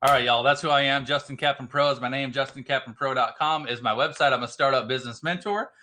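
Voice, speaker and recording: A middle-aged man hosting a live motivational stream as a business mentor, fired up, greeting viewers by name and swinging between loud bursts and quiet stretches. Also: mid-range voice, fairly even intonation, fast talker, faint music behind. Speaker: startup business mentor and livestream host. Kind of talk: energetic motivational livestream talk.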